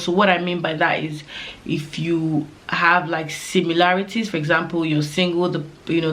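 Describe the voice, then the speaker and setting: A young woman talks casually to camera like she is chatting with a friend. Her delivery rambles from point to point, stuffed with "like" and small fillers. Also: on the low side. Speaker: vlogger giving advice. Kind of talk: casual advice talk to camera.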